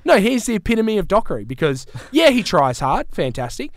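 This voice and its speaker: Lively Australian man telling footy stories. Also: sits high, brisk, no echo. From Great Southern region of Western Australia. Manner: animated storyteller, acts out other people's voices. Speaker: podcast guest. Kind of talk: casual chat. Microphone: studio mic.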